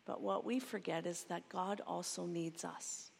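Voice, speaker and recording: A woman preaching a sermon in a slow, reflective way, reading a passage and then going over it again. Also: on the low side, steady tone, vocal fry. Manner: slow, reflective, reads a quoted passage twice. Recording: long reverb of a large hall.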